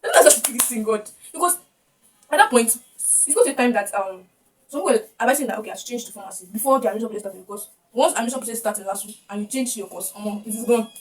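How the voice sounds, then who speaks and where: Fast-talking young Nigerian woman. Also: on the high side. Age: young adult. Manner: emotional, repeats and restarts words. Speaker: vlogger. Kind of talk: personal storytelling to camera. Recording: distant mic with faint background noise.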